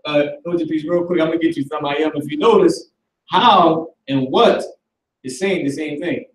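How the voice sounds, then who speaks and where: A man's voice: fairly high pitch, normal speed, echoey room, distant mic, slight background noise, poor audio. A man teaching a casual live language class, loose and slangy, with some swearing.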